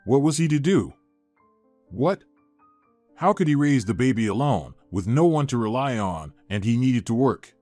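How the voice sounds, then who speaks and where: A man giving scripted story narration in a measured, even storytelling manner. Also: medium pitch, dry recording, faint music behind.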